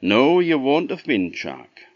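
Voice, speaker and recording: A man's voice: mid-range voice, big pitch swings, slow, no room sound, muffled recording, pitched above the performer's own voice. A man with an Orkney Scottish accent voicing a small, sarcastic male robin in a storybook tale, with a chirpy, teasing manner. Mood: knowing.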